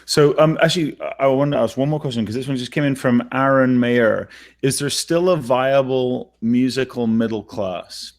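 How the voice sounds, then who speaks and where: Gravelly-voiced man hosting an interview. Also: medium pitch. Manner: halting, thoughtful questioner with fillers. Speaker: interview host. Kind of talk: interview questions.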